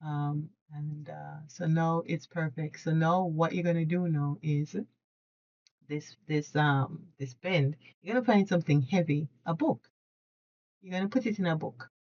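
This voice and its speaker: A woman with a fairly low voice talks through a craft demonstration at her home desk, chatty and excitable. She laughs often and restarts her sentences as she works, and the recording sounds a little dull. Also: unhurried. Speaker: craft tutorial host. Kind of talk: casual hands-on tutorial.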